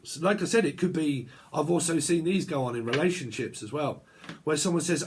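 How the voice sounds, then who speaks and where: A man's voice: on the high side, brisk, slight background noise. A man giving a casual tarot reading, ranting and swearing as he acts out both sides of an argument. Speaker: tarot reader.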